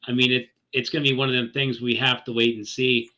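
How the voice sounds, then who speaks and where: A man's voice: mid-range voice, little pitch movement, quick pace, bright, forceful tone, low-quality recording. A man co-hosting a live trading stream, thinking aloud in a loose, hesitant way. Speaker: stream co-host reading comments. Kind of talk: casual livestream chat.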